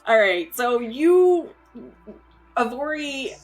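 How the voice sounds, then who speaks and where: A woman running a tabletop game as game master, narrating in a relaxed way with many fillers. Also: sits high, slow, faint music behind, rough recording.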